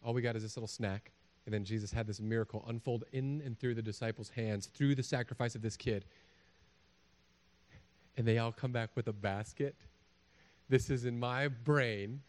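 At a moderate pace, this pastor's mid-range voice carries a sermon full of jokey stories. He animates them by acting out little voices.

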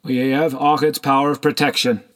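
A man's voice: medium pitch, flat delivery, normal speed, voice pushed up, close to an everyday voice. Guy reading as a stubborn monk in charge, firm and pushy, bit of an edge to it. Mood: insistent. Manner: insistent, firm. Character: zealous, stubborn male monk leader.

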